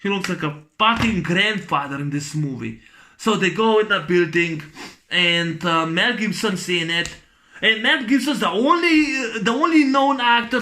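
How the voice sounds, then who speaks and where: A man's voice: sits high, pushed and bright. A man with giving a profane, rambling movie rant, full of fillers and restarts. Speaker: movie reviewer.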